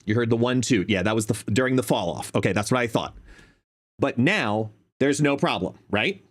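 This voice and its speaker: A man hosting a live stream in casual chat, testing his desk microphone at his home gaming setup and explaining as he shifts between a quiet and a louder voice. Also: mid-range voice, expressive, normal speed. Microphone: desk microphone, no headphones.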